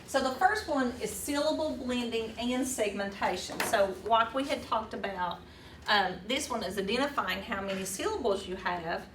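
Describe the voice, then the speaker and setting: A woman leading a hands-on teaching workshop, talking casually with fillers and restarts. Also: medium pitch. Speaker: teacher trainer. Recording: roomy echo, distant mic, faint room noise.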